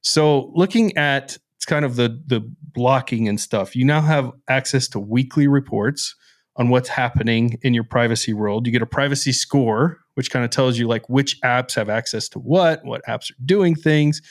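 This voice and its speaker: A man co-hosting a casual tech podcast, playful and excitable, joking one moment and explaining features at length the next. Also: medium pitch, normal speed. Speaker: podcast co-host.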